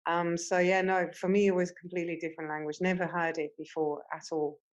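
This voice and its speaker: A woman's voice: lowish voice, level tone, fast, highs cut off. A woman from the Netherlands with a Dutch accent, speaking English as a second language as an audience member, hesitant and restarting often. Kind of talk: casual panel discussion.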